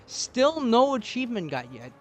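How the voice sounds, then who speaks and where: Animated young man venting over gameplay. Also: very high-pitched, normal speed, a little hiss or hum. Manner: animated, exasperated, self-mocking. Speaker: gaming YouTuber. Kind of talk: gameplay commentary. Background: game music.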